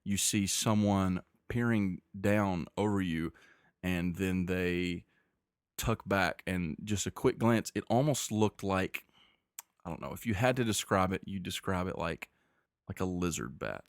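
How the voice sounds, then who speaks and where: A man narrating as game master of a tabletop game, describing scenes in a measured way with frequent restarts. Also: low-pitched, no echo, clean studio sound.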